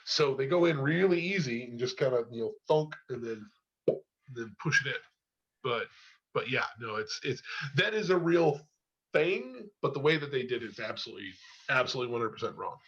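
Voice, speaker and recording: A man's voice: mid-range voice, animated, moderate pace, fairly bright tone, lo-fi sound. A man on a podcast telling a long story casually, cursing often and filling gaps with "you know". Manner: rambling, heavy cursing, many fillers.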